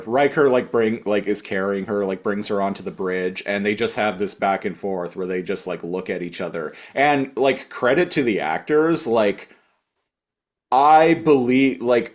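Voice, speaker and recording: A man co-hosting a podcast, recapping a TV episode in casual chat, full of "like" fillers and quick voices for the characters. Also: lowish voice. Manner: filler-heavy, recaps scenes with quick impressions. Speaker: podcast co-host.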